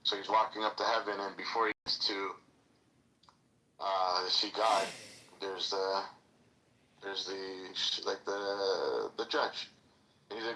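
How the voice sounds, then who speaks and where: Male panelist, low bright voice, storyteller. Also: steady tone, a little slow, pauses often, a little hiss or hum, rough recording. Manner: acts out voices in a story, rambling with fillers. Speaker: podcast panelist. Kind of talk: casual chat, telling a story.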